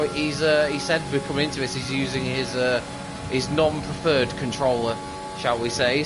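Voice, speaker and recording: Male sim racing commentator, slightly high voice, chatty play-by-play, music bed under the mic. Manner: chatty, upbeat play-by-play with many fillers. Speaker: lead commentator.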